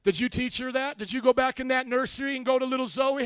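Man, pastor, sermon, impassioned, rhetorical questions, high voice, dry close sound. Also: fast talker, clear, resonant tone, dry recording. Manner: impassioned preaching, rhetorical questions to the congregation, builds to shouts.

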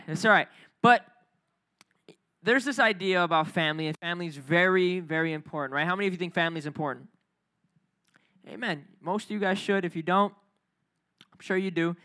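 A man preaching as youth director, energetic and calling on the crowd to repeat phrases. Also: sits high. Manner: energetic, calls for crowd responses. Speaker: youth pastor. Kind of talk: youth sermon. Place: church youth service.

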